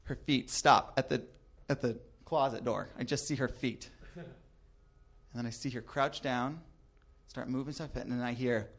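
A man telling a comedic story on stage, lively and laughing at himself, dropping to a hush for the quiet parts. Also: mid-range voice, normal speed.

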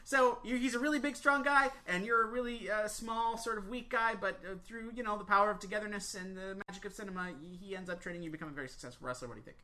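A comedian on a comedy podcast, eagerly pitching ideas in a rambling way with many restarts. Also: quick pace, few pauses, bright, forceful tone.

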